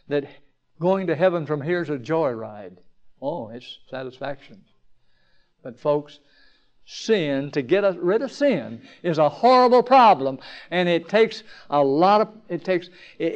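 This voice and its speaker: A man preaching a sermon at a campground meeting, asking the crowd rhetorical questions, swinging from emphatic peaks down to quiet, low passages. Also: muffled recording.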